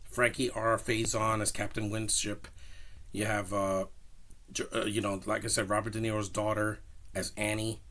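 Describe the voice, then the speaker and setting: A man with a slightly low voice talks through a film review in a loose, casual way. He rambles, restarts, and gets animated when he pushes his opinions. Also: normal speed. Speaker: movie reviewer.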